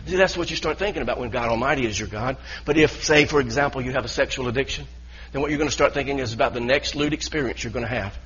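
Male pastor, husky mid-pitched voice, earnest stop-start preaching, muffled church recording. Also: fast, hardly any pauses, a bit bright. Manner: earnest preaching with repeated restarts. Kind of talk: sermon.

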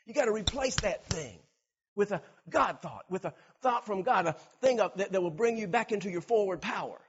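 A man preaching a sermon, animated, acting out everyday scenes and repeating words for emphasis. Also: high-pitched, a little fast, highs cut off, slight background noise. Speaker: pastor.

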